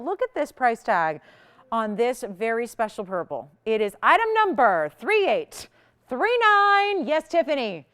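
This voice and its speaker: A woman's voice: a little high, sing-song, measured pace, a bit bright, clear, resonant tone. A woman hosting a live jewelry shopping show, chatty and enthusiastic, laughing often as she sells.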